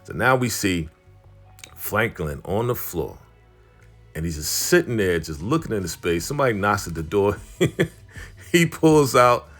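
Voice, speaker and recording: A man casually recapping a TV drama episode, telling the story with frequent chuckles and animated asides. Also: deep voice, unhurried, long pauses, slightly rough, soft background music. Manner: animated storytelling, chuckles often, acts out characters' lines. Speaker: show recap host.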